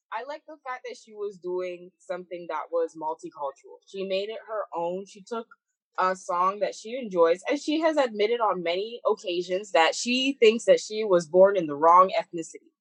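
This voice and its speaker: A young woman, co-hosting a casual podcast chat in an animated, opinionated, slangy way. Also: medium pitch, moderate pace, no echo, rough recording. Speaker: podcast co-host.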